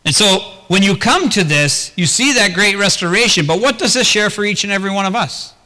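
Man preaching, earnest, bright forceful voice, rhetorical questions, long echo of a big church hall. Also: sits high, lively intonation, brisk. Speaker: pastor. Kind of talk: sermon.

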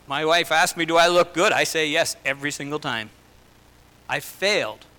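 A man preaching a sermon in an earnest way, slowing and lifting his voice for emphasis and dropping into personal asides. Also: fairly high pitch, animated, sharp tone. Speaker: pastor. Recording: long hall reverb.

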